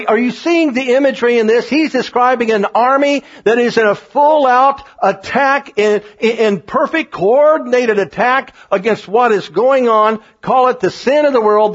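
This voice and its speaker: Fervent high-voiced husky male preacher. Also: muffled recording. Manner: fervent preaching with scripture reading and repetition. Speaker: pastor. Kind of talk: sermon.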